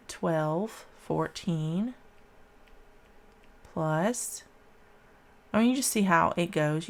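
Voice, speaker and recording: A woman math teacher with a lowish voice and vocal fry talks through a calculation step by step. In this casual classroom lesson she counts aloud in an informal way.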